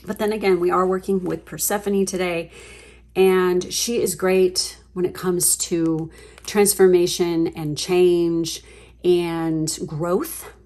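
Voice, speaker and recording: A woman giving a casual tarot reading to her viewers, chatty and gushing, swearing freely as she gets excited. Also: on the low side, slow. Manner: chatty, with fillers and trailing asides. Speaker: tarot reader.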